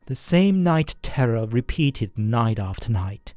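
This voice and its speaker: A narrator telling a first-person horror story in a scripted, expressive way. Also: mid-range voice, slow pace, no echo, faint music behind.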